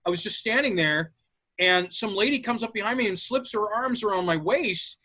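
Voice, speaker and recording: High bright animated man. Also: normal speed. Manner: animated storyteller, acts out quotes. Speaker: improv comedy cast member. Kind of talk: casual group chat.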